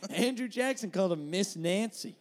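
A man's voice: high-pitched, lively intonation, normal speed. A man co-hosting a comedy podcast, dropping dry history trivia. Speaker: podcast co-host. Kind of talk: casual comedy chat.

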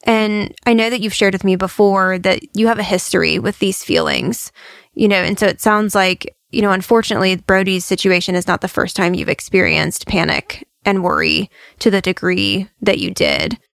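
Casting: woman host, supportive and reflective, gravelly edge, dry close sound. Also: medium pitch, expressive, moderate pace, a bit bright, dry recording. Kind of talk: casual conversation.

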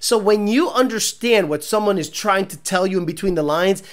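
A man's voice: high voice, normal speed. A man hosting a car show stream, reading viewer comments aloud and ranting in a mocking, profane, casual way. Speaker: car show host reading live chat.

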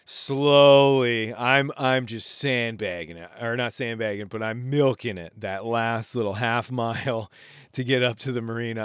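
A man hosting a podcast, casually retelling an adventure in a rambling, animated way with self-interrupting restarts. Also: mid-range voice, clear, resonant tone, no echo, clean studio sound. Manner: rambling, animated retelling with laughs and acted quotes. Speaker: podcast host. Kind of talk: casual storytelling monologue.

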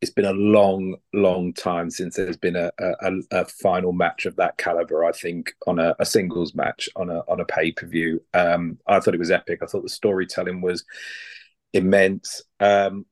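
Brief: low male guest voice, dry close sound, meandering delivery. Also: level tone, moderate pace, no echo. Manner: rambling, stumbles over restarts. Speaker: podcast guest. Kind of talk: casual review chat.

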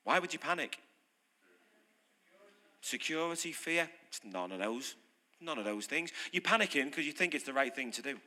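A British man preaching a sermon, lively and conversational, putting questions to his congregation. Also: fairly high pitch, moderate pace, long pauses. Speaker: pastor. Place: church hall. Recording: reverberant hall.

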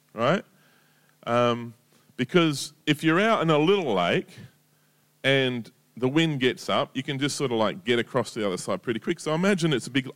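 A man delivers a casual sermon, talking to his listeners like friends. His voice sits at a middling pitch but swings widely and lively as he spins anecdotes and asides. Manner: conversational storytelling, lively, chatty asides. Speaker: preacher.

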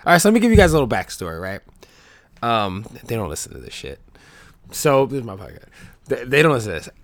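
A young man hosting his own podcast in casual chat, rambling and swearing a lot, loud and unable to whisper. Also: mid-range voice, very animated, fast talker, dry recording. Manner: loose, swears a lot, rambling with many restarts. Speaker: podcast host.

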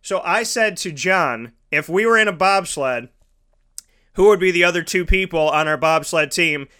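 A man's voice: on the high side, normal speed, sharp tone, clear, resonant tone. A man hosting a casual interview, talking enthusiastically and rambling with restarts. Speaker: host.

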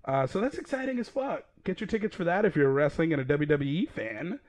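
Man, podcast host, swears a lot, excitable, laughs often, slightly high voice. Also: quick pace. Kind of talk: casual podcast chat.

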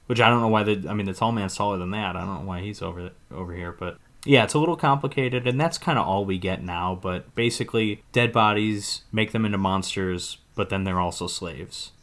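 A man's voice: fairly low pitch, a little fast, hardly any pauses, fairly bright tone. A man co-hosting a podcast, casually recapping a film's plot in a rambling way, hedging often. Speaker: podcast co-host. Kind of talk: casual movie recap chat.

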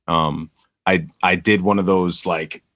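A man from the New York area telling a story as a podcast guest, in halting casual chat with many pauses and restarts. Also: deep voice, steady tone, fairly bright tone, no room sound. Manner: halting, full of ums and restarts.

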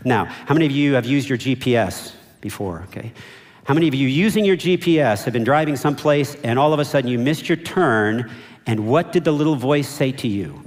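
A man's voice: medium pitch, animated, fairly quick. A man preaching a sermon as pastor, emphatic and repeating key phrases, drawing the congregation in. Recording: long reverb of a large hall.

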